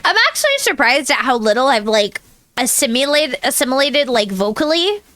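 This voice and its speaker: A woman's voice: high voice, big pitch swings, fairly quick, bright, forceful tone, no room sound. An American woman chatting casually on a livestream, rambling and laughing often as she answers chat from home. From United States. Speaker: VTuber streamer.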